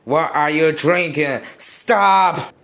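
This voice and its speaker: A man voicing several toy characters in a homemade play video, talking in a slow, halting way. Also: mid-range voice, noisy background. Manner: slow, halting, shifts between character voices.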